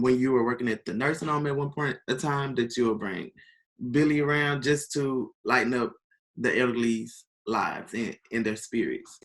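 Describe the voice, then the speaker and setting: Gentle soft-spoken male interviewer. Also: mid-range voice, low-quality recording. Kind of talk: casual interview.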